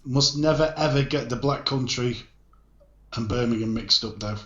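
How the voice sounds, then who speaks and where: A man's voice: mid-range voice, normal speed, fairly bright tone. A man hosting a casual livestream, jovially greeting viewers by name. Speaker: show host. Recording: echoey, dull online call audio.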